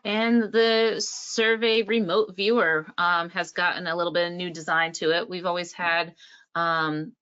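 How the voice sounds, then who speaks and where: Bright low-pitched woman demoing software. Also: fairly even intonation, unhurried, smooth. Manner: hesitant, frequent ums. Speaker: software presenter. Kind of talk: casual product walkthrough. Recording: dull lo-fi sound.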